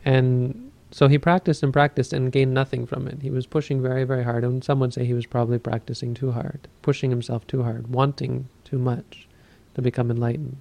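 A man who teaches Buddhism, giving a dharma talk and telling a story in a calm, measured way. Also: mid-range voice, vocal fry.

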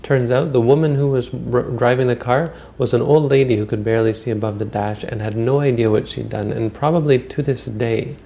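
A man's voice: mid-range voice, steady tone, fairly quick, vocal fry, hardly any pauses, warm tone. A man giving a Buddhist dharma talk, retelling old stories in a rambling, conversational way with frequent restarts. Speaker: Buddhist teacher.

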